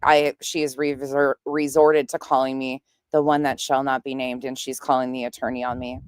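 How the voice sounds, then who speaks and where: Brief: woman, low and smooth voice, dry close sound, blunt and mocking commentator. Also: little pitch movement, normal speed, no room sound. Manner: blunt, sarcastic. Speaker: commentary streamer. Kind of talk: reaction commentary.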